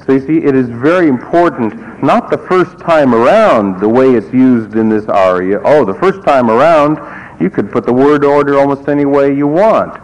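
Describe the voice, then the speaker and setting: In a classroom lecture, a male music teacher wanders off on wry tangents and asides. He speaks at normal speed in a mid-range voice, and the lo-fi recording sounds muffled with a faint hiss.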